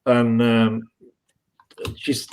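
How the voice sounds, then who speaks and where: A man's voice: mid-range voice, completely flat delivery, drawn-out words, clean tone, low-quality recording. A man from England with a Northern English accent, a guest chatting casually in a live-stream interview, rambling through anecdotes with frequent restarts. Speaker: guest reseller.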